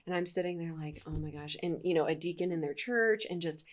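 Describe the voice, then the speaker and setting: A woman with a notably low voice hosts a casual podcast interview. She talks candidly and at length, and laughs easily between points. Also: a little fast. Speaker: podcast host.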